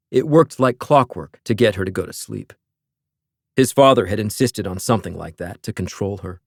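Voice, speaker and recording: A man reading an audiobook as narrator, in a measured storytelling manner. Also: lowish voice, no room sound, clean studio sound. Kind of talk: scripted narration.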